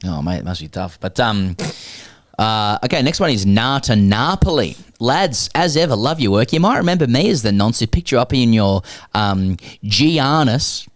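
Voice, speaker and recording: A man's voice: medium pitch, animated, moderate pace, no echo, clean studio sound. An Australian man co-hosting a sports podcast, reading listener emails aloud in a wry, theatrical way with frequent laughs. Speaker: podcast co-host.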